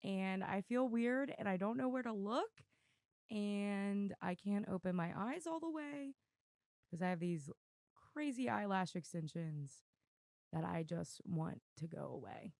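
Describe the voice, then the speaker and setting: A woman hosting her own podcast in casual chat, rambling and self-deprecating, laughing often, with her voice going hoarse. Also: mid-range voice, expressive, a little slow, darkish tone, no room sound. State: losing her voice. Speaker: podcast host. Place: room at home with dogs. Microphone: desk mic on video.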